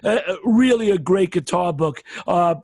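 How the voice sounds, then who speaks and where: A man hosting a casual interview, a fellow musician who jokes and tells animated stories. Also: high voice, moderate pace, gravelly, no room sound, studio quality. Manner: jokey, animated storyteller, laughs often.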